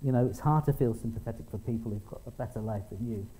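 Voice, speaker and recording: A man's voice: mid-range voice, fast, warm tone, low-quality recording. A middle-aged man preaching a conversational sermon, telling stories and quoting people in small acted voices. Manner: conversational, with restarts and acted quotes. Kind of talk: sermon with storytelling.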